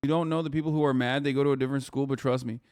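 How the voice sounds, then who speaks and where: A political streamer hosts a live stream, ranting at the news in a profane, incredulous way as casual commentary. His voice sits mid-range with a darkish tone, and he talks very fast with fairly even intonation.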